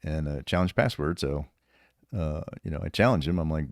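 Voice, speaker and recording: A man in his fifties, a retired sergeant major and podcast guest, telling stories casually with an animated, profane manner and lots of laughter. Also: a bass voice, moderate pace, no echo, studio quality. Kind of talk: casual storytelling.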